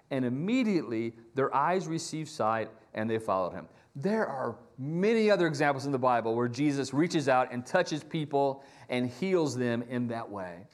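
A middle-aged man preaching a sermon as a pastor, telling stories with animation and acting out quoted lines in shifting voices. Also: mid-range voice.

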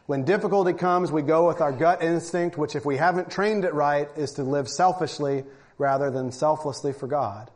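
A man preaching a sermon, reading scripture aloud and pressing his points with emphasis. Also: fairly high pitch. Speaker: pastor.

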